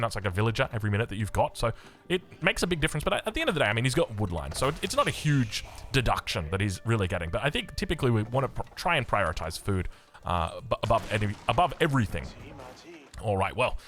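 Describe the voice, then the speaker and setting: A fast-talking young Australian man calling a strategy game, with a voice that leaps up and down as he goes. He chats along easily, drifting into rambling side stories between plays. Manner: chatty, rambling asides, lively swings in pitch. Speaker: game caster. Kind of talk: energetic esports commentary.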